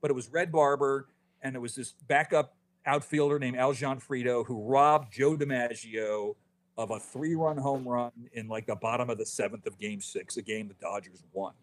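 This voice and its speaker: A man in his fifties, an author telling stories as a podcast guest, animated, with quick restarts and lots of "you know.". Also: medium pitch. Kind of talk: casual podcast interview.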